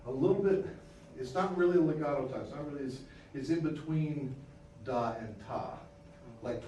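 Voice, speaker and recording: A man's voice: mid-range voice, warm tone. A man coaching a band in rehearsal, singing rhythms in scat syllables as he explains, patiently repeating and restarting his phrases. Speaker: band instructor. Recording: echoey room from far off, noisy.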